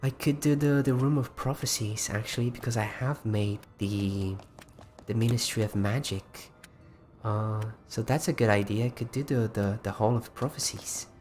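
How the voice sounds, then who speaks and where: A man's voice: lowish voice, moderate pace, a little mellow, a little hiss or hum. Chatty man rambling on a livestream. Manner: rambling, chatty, frequent restarts. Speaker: livestream host. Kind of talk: casual livestream chat.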